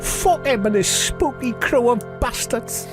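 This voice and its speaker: A man voicing a gruff, foul-mouthed, bossy wife who barks insults and orders. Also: very high voice, expressive, unhurried, over music, pitched above the performer's own voice.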